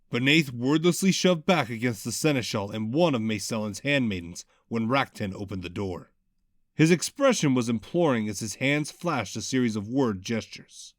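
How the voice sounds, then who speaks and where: Expressive male audiobook narrator. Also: mid-range voice, dry recording, studio quality. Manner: dramatic, expressive reading.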